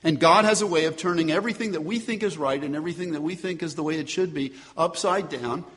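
A man's voice: fairly high pitch, fast talker, a bit bright. Man preaching in a reverberant hall. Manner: emphatic preaching with rhetorical questions. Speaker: pastor. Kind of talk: sermon.

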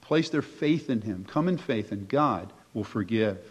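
A man's voice: lowish voice, lively intonation, a little slow, breathy edge. Male pastor preaching in an echoey hall. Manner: conversational, emphatic preaching with rhetorical questions. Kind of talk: sermon. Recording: echoey hall, dull lo-fi sound.

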